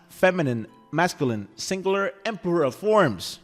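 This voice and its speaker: A man's voice: fairly high pitch, normal speed, few pauses, soft background music. A man whose first language is Spanish, teaching a language lesson in a playful, chatty way and checking in with the listener often. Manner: animated, playful, chatty with frequent "okay?" check-ins. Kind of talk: lively scripted language lesson.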